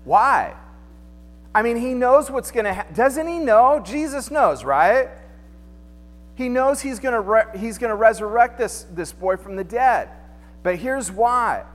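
In a church sanctuary, a man with an extremely high voice and lively intonation delivers a sermon at a slightly slow pace. He's a pastor speaking casually and posing rhetorical questions, while long hall reverb and faint background music fill the recording.

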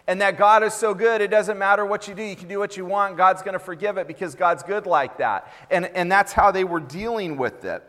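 High-voiced man preaching in a reverberant hall. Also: a little fast, hardly any pauses, fairly bright tone. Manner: emphatic, repetitive preaching with acted quotes. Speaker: pastor. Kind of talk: sermon.

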